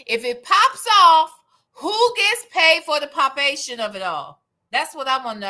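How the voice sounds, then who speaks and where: A woman's voice: sits high, animated, normal speed, pushed and bright. A woman hosting a live stream, giving casual commentary in a sassy, profane and dramatic way.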